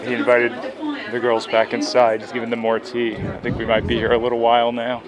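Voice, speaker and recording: A man's voice: mid-range voice, monotone, brisk, a crowd in the background, low-quality recording. A man recorded on the road at a roadside garage, speaking in candid, unsure, casual commentary as he thinks aloud. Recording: field recording with traffic noise.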